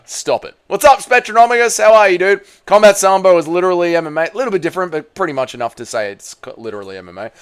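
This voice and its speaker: A young Australian man with an Australian accent hosting a live stream, reading chat messages aloud and answering with blunt, jokey, foul-mouthed banter. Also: on the high side. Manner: blunt, jokey, swears freely, calls people mate and brother.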